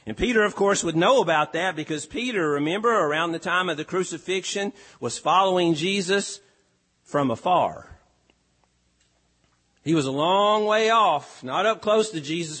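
A pastor delivering a sermon, with an earnest, emphatic delivery that rises and falls. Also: male voice, on the high side, fairly bright tone. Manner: earnest, emphatic preaching with rising and falling delivery.

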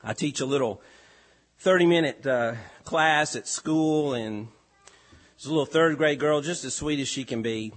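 Earnest preaching man, slightly high voice. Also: normal speed. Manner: earnest, emphatic preaching with rising and falling delivery. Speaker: pastor. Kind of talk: sermon.

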